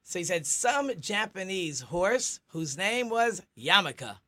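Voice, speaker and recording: A man's voice: high voice, big pitch swings, takes it slowly, sharp tone. A middle-aged man, a rabbi hosting a radio talk show, chatty and teacherly, telling jokes.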